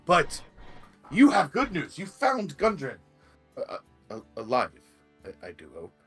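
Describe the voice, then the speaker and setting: A man voicing an excitable, grand-mannered male noble ally who talks formally and effusively. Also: fairly high pitch, measured pace, husky, soft background music, pitched above the performer's own voice, full character voice. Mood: eager.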